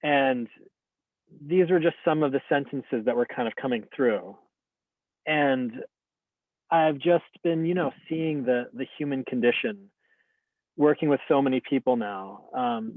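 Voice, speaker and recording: A man's voice: mid-range voice, no room sound. A man who teaches meditation, speaking in an earnest, open and reflective way, with many casual fillers as he shares personal experience. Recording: dry, tinny phone-like line.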